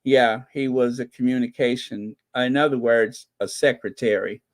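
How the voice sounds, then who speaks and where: A man hosting his own channel, giving excited casual commentary, gleeful and laughing, who repeats his points over and over. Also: medium pitch, moderate pace. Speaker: channel host reacting to royal news.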